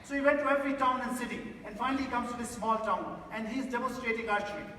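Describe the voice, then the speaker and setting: A man's voice: very high voice, fairly even intonation, fast talker, pushed and bright, recorded from a distance, a little hiss or hum. A man giving an inspirational stage talk, telling a story and speaking emphatically to the audience, from a large theatre stage. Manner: emphatic, addresses the audience directly. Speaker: motivational speaker. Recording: echoey theatre hall from afar.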